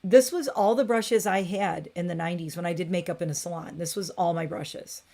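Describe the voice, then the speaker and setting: Woman, forties, lowish voice, chatty, rambling, home bathroom livestream. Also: fairly quick, creaky, mellow. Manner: chatty, rambling, coos at her cat. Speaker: beauty livestream host. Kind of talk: casual livestream chat.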